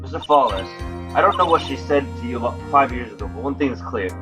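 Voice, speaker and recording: A man's voice: mid-range voice, animated, fast, music in the background, close to an everyday voice. A man voicing an earnest young defense attorney who questions in a pressing, direct way.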